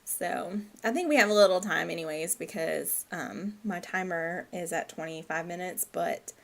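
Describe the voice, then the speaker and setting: A woman's voice: on the low side, moderate pace, vocal fry, a bit bright. A woman giving casual let's-play commentary, chatty and apologetic, often laughing at herself. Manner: chatty, apologetic, giggly asides. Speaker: gameplay commentator.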